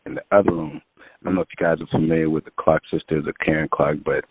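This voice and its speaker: A man's voice: rumbling low, little pitch movement, fast, husky, no room sound. A man, a music producer guest, telling long casual stories in an interview with many fillers. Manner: rambling anecdotes with many fillers. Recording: tinny phone-line sound.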